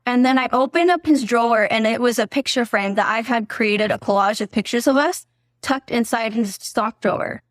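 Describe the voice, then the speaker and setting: A woman's voice: a little high, normal speed, no room sound, clean studio sound. A young woman, a podcast guest, telling a story casually, filling her speech with "like" and swearing freely. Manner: chatty, heavy use of "like", swears freely. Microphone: podcast microphone.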